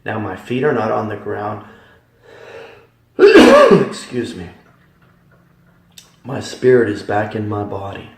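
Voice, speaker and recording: Slow gravelly man in an echoey hall. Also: lowish voice, huge pitch swings, far from the mic. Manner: emphatic, swinging from hushed to loud. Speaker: giving a Christian testimony. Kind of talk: dramatic spoken testimony.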